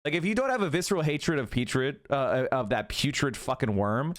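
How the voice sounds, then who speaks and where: A man's voice: medium pitch, animated, fairly quick. A man in his thirties hosting a stream, ranting through heated, profane political commentary. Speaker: streamer host.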